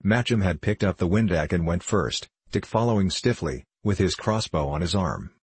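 Deep husky male narrator. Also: lively intonation, no echo. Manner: measured storytelling. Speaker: audiobook narrator. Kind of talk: scripted narration.

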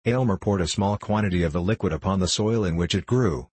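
A man narrating classic fiction in a measured, formal audiobook reading. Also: deep voice, a little mellow, husky.

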